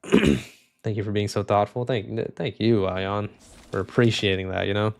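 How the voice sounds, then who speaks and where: A man's voice: lowish voice, steady tone, measured pace, vocal fry. A young man talking casually while playing a video game, joking, rambling and swearing freely. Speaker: gaming streamer. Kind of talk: casual gameplay commentary.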